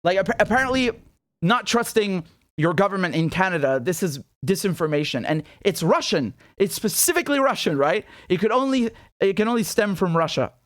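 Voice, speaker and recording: A British independent journalist hosts his own commentary show, delivering a monologue to camera with incredulous sarcasm and many repeated rhetorical questions. His voice is high, sing-song, brisk, and fairly bright, recorded dry with clean studio sound.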